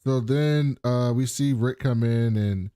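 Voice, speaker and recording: A man co-hosting a podcast casually recaps a TV episode, animatedly voicing the characters' lines. His mid-range voice is smooth and slow-paced.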